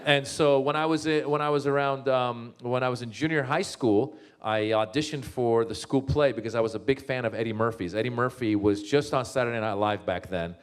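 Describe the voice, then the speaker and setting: A man's voice: medium pitch, fairly quick, few pauses, clean tone. A man who grew up in Northern California and speaks, telling comic stories about his family and laughing often. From born in Iran, grew up in Northern California. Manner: animated, laughing, acts out family members' voices. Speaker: comedian and author, guest speaker. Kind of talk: comic storytelling talk.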